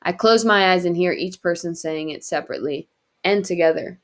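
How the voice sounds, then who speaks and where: A woman reading a novel aloud in quiet, earnest first-person narration. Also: fairly low pitch, fairly quick. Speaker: audiobook reader.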